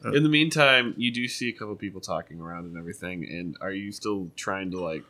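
Male game master, rambling casual narration, bright lower voice. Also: fairly quick. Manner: loose, rambling narration with fillers.

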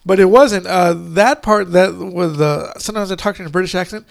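A man's voice: sits high, a little fast, creaky. A man rambling through a casual chat about movies, full of fillers, restarts and casual swearing.

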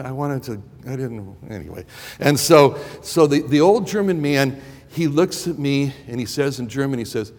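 A man's voice: mid-range voice, long reverb tail. A man preaching a sermon and telling a personal story, rambling and stumbling over the first words of his sentences. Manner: rambling, repeats words when starting sentences.

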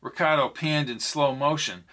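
A man narrates a novel for an audiobook, keeping his own voice for all of the characters' dialogue in this scripted reading. His pitch is fairly high, his speed normal, and his tone sharp.

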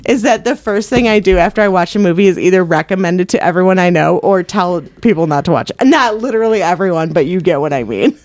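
A woman's voice: fairly low pitch, fast talker, hardly any pauses, dry recording. A young woman co-hosting a casual movie review podcast, talking animatedly and saying like a lot. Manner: animated, says like a lot, laughs often. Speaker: podcast co-host.

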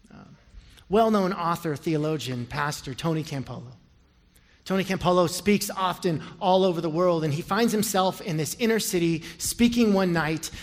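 A man preaching a sermon as pastor, telling a story and leading prayer, building from quiet storytelling to loud impassioned appeals. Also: high-pitched, big-room sound. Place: large church sanctuary.

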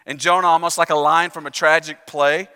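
A man's voice: a little high, little pitch movement, a little fast, bright, forceful tone, smooth. A man preaching a sermon in a conversational, self-deprecating storytelling way, asking the congregation to repeat after him. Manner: urges the congregation to repeat phrases. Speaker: pastor. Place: church sanctuary. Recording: reverberant church sanctuary.

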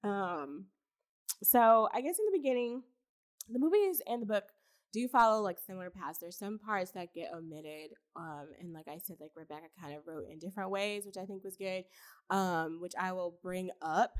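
A woman's voice: medium pitch, moderate pace, clear, resonant tone. A young woman chatting casually about a film as podcast co-host, laughing often, swearing and using lots of fillers. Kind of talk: casual film review chat.

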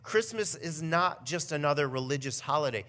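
Brief: young male pastor, bright higher voice, animated storyteller. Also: moderate pace. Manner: animated storytelling, builds to near shouting. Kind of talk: conversational Christmas Eve message.

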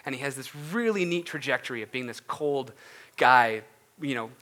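A pastor with a mid-range voice, lively intonation, and a bright, forceful tone preaches an earnest, casual sermon at normal speed and then prays. He talks loosely and conversationally, with many fillers and restarts.

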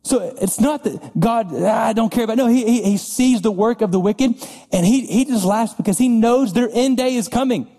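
A man's voice: very high voice, moderate pace, warm tone. A man pastor preaching a sermon in a conversational way, often repeating words and laughing lightly as he talks. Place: church sanctuary. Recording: long reverb of a large hall.

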